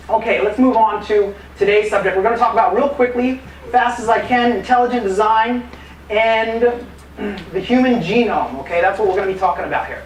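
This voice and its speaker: A man, an apologetics teacher, giving a live conference talk in lively, casual storytelling style with acted quotes and fillers. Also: sits high, fairly quick. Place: museum conference room. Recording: echoey room, distant mic, faint noise.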